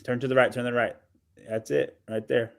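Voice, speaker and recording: A man's voice: medium pitch, level tone, a little fast, vocal fry. A man co-hosting a podcast, arguing his point in casual chat, often stammering and restarting. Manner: defensive, stammering, argumentative. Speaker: podcast co-host.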